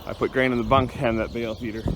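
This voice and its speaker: Speaking quickly and flatly at a medium pitch, a cattle rancher chats and rambles while doing chores on a snowy ranch, a little breathless and talking to his dog. Cattle, birds, and general outdoor noise can be heard around him.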